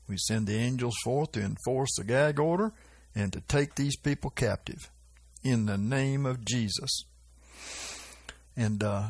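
A man with a husky, breathy voice preaches informally and recounts dreams. He speaks very slowly with a drawl and chuckles often. His voice is recorded close and dry, with no room sound. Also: medium pitch, dry recording. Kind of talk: informal religious teaching.

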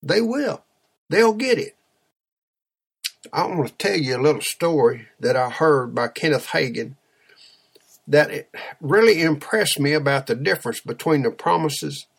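Gravelly, husky preacher telling a story. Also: male voice, medium pitch, animated, normal speed. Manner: storytelling, emphatic, exhorting. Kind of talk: sermon.

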